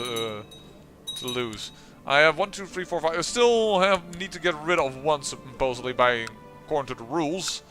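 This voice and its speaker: A man's voice: a little high, bright, forceful tone. A man hosting a let's-play, giving game commentary as he thinks aloud, often trailing off and restarting sentences.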